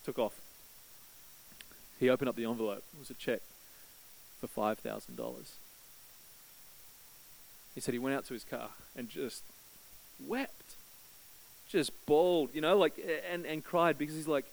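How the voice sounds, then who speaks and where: A man preaching a sermon as pastor, telling a story and acting out the voices in it. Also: rough recording. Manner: storytelling, acts out quoted prayers with rising pitch.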